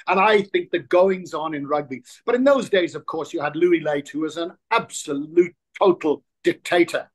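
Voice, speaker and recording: A man in his sixties chatting as an interview guest. He tells stories in an animated way, often restarting his sentences as he goes. His voice sits a little higher than most men's. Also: normal speed, hardly any pauses, slightly rough. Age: 60s. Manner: animated storyteller, frequent restarts. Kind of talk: casual interview chat.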